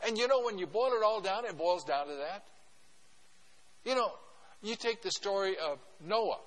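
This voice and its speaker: A man's voice: high voice, expressive, normal speed, fairly bright tone. An older man preaching a sermon as a guest pastor, folksy and conversational, acting out prayers and little scenes. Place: church. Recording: long reverb of a church hall.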